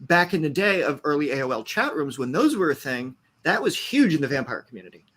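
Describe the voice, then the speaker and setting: A man's voice: on the high side, big pitch swings, fairly quick, fairly bright tone, husky. A man talking as a podcast guest in a loose, rambling and profane casual chat.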